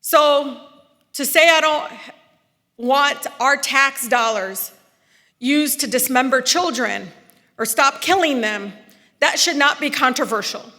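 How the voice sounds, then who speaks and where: A woman, giving an impassioned political speech from a podium, rising to loud, emphatic peaks. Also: sits high, slow. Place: large hall. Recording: long reverb of a large hall.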